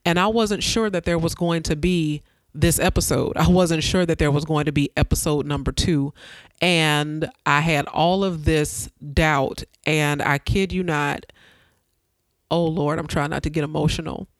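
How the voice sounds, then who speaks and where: A woman's voice: sits low, fairly even intonation, a little slow, no echo. A woman hosting her own podcast, giving an earnest, preacher-like motivational talk that repeats phrases for emphasis. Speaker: podcast host.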